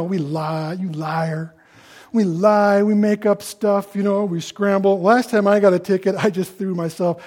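A man preaching a sermon in a conversational way, acting out the people he quotes in louder voices. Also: high voice, fairly even intonation, normal speed. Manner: conversational, acts out quoted voices with rising loudness.

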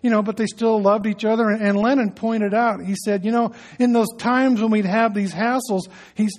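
A man's voice: sits high, fairly even intonation, moderate pace, few pauses, a little mellow. A middle-aged male pastor giving a sermon in a loose, conversational way, full of asides, fillers and restarts. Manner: conversational, anecdotal preaching with many fillers and restarts.

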